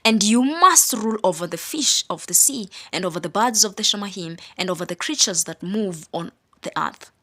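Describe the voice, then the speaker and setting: A woman's voice: medium pitch, animated, moderate pace, few pauses, bright, forceful tone. A woman teaching a Bible study. She stresses single words and repeats phrases, with casual asides between the preaching. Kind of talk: spoken scripture teaching.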